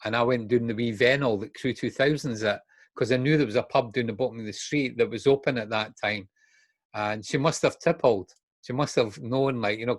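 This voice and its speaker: A candid Scottish man in his sixties, speaking with a medium-pitched voice in a dry recording, is a guest speaker in recovery. He tells his personal story frankly and acts out the dialogue he remembers.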